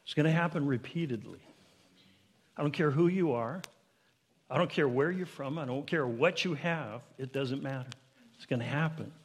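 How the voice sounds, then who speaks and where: A man preaching a sermon to his congregation, building to emphatic, higher-pitched peaks and asking them questions directly. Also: moderate pace, husky. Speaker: pastor.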